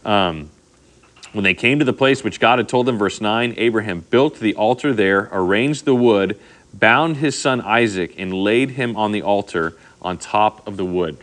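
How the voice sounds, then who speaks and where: A man's voice: on the low side, normal speed. A middle-aged man preaching a sermon, telling stories in a conversational way and often checking in with "okay?". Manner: conversational, animated storytelling with frequent "okay?" asides. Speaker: pastor.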